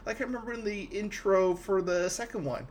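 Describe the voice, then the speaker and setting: A man's voice: high voice, brisk, slight background noise. A young man hosting a podcast, ranting casually about a film, swearing freely and tripping over his words. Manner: animated, ranting, swears freely, stumbling restarts. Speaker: podcast host. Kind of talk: casual ranting movie talk.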